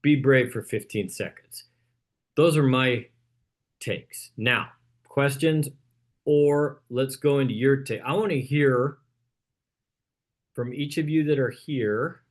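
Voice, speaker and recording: A man's voice: medium pitch, slow pace, long pauses. A man leading a real estate team training, coaching in a punchy way and often checking in with "okay?". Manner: coaching, punchy, repeats "okay?" after points.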